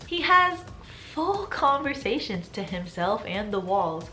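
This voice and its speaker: A woman's voice: medium pitch, animated, a little slow, fairly bright tone, soft background music. A twenty-year-old woman telling a story on her vlog in a casual, sarcastic way. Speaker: YouTuber.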